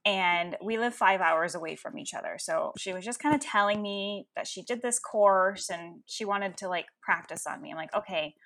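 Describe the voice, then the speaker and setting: A woman in her thirties, a coach and Reiki healer, telling a personal story in an animated, frank way with laughs. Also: on the low side. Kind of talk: storytelling interview.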